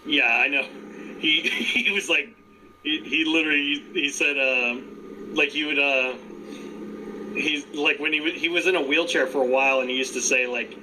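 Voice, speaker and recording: A man co-hosting a podcast in casual chat, animated, laughing often and trailing off into restarts. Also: a little high, normal speed, background noise. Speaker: podcast co-host.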